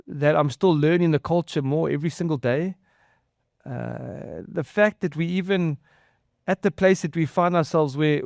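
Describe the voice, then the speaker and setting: High-voiced pastor with a halting, earnest delivery. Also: male voice, creaky, a little mellow, no echo, studio quality. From outside the US. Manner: halting, repeats and restarts words, earnest. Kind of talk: conversational sermon.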